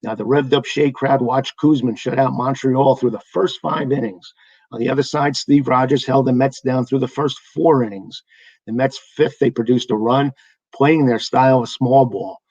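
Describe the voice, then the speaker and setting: New man, baseball history host, eager storyteller, mid pitch, dry and slightly muffled mic. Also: fairly even intonation, moderate pace, darkish tone, husky, no room sound. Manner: enthusiastic storyteller, reads lineups in a sing-song list. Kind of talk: scripted retelling of a past game.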